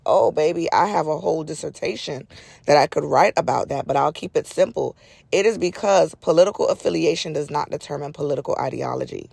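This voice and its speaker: A woman's voice: low-pitched, brisk, creaky, darkish tone, no room sound. Chatty stuffy-nosed woman podcast host. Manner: chatty, conversational, folksy asides. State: stuffy nose. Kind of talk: casual solo podcast chat.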